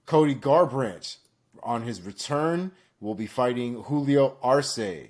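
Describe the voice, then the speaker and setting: A man's voice: mid-range voice, lively intonation, measured pace. A man co-hosting a podcast, running through fight news casually with frequent fillers. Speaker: podcast co-host.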